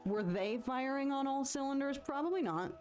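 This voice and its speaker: A woman's voice: high-pitched, lively intonation, normal speed, darkish tone, faint music behind. A young woman from the United States with a Detroit accent, chatting in a rambling, giggly way to viewers of her live stream while she draws. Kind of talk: casual chat while drawing.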